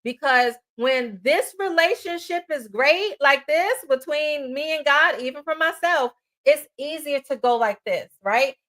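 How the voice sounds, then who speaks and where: A woman from New York with a New York accent, co-hosting a faith-based relationship talk in a loud, passionate, preacherly way. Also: high voice, animated, a little slow, few pauses. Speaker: co-host.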